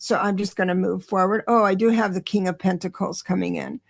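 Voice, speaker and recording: A middle-aged woman giving an excitable, reassuring live tarot reading, talking straight to her viewers. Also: medium pitch, gravelly. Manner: chatty, reassuring, talks to viewers directly; excitable, rushes then slows down.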